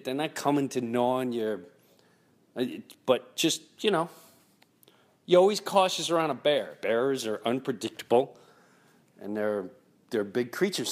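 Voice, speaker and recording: A man hosting his own podcast, telling rambling stories casually and often restarting his sentences. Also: medium pitch. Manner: rambling storyteller, restarts and acts out quotes. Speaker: podcast host. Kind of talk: casual solo podcast monologue.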